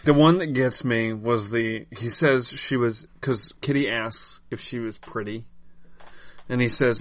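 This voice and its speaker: A man's voice: mid-range voice, a little slow. A man hosting a podcast, recapping comics in a candid, wry way and swearing casually. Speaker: podcast host.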